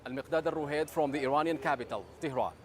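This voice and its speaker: A man's voice: fairly high pitch, quick pace, a little hiss or hum. A man news correspondent delivering a scripted report from a city street outdoors.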